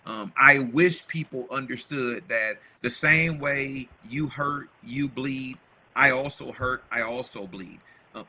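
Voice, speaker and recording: A man's voice: mid-range voice, pushed and bright, slight background noise. A man in his forties hosting a panel conversation, telling a heartfelt story as a father, often asking "right?" and calling listeners "man", emotional as he speaks. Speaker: discussion host, father.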